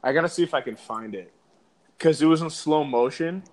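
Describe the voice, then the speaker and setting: A man in a casual chat, telling stories in a rambling, profane and animated way over a remote call. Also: a little high, fairly quick, noisy background.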